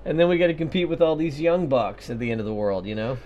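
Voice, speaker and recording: A man's voice: fairly high pitch, lively intonation, fast, slight background noise. Sarcastic guy cohosting a podcast, rambly, swears a lot, kinda muffled lo-fi audio. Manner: sarcastic, rambling with fillers and mock voices. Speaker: podcast co-host. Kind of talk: casual profane banter.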